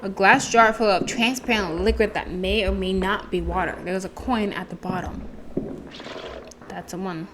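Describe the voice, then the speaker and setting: A woman's voice: mid-range voice, steady tone, moderate pace, background noise. A woman hosting a let's play, reading a story game's text aloud with casual asides. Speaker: gaming channel host. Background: game music.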